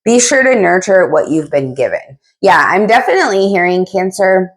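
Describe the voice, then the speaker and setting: A woman's voice: mid-range voice, sing-song, moderate pace. A woman giving a casual tarot reading, talking in a blunt, chatty way with frequent asides and casual swearing. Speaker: tarot reader.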